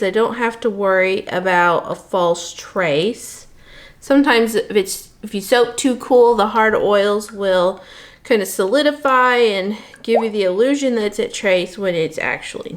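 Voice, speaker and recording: A woman's voice: mid-range voice, a little slow. A woman from Missouri giving a casual step-by-step craft demonstration, explaining each step as she works. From Missouri, USA. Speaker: soapmaker demonstrating. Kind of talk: casual tutorial narration.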